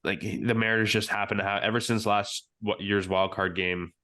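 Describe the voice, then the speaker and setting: A man's voice: lowish voice, level tone, moderate pace, pushed and bright. A man co-hosting a podcast, talking sports in a casual chat with heated, profane rants. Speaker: podcast co-host.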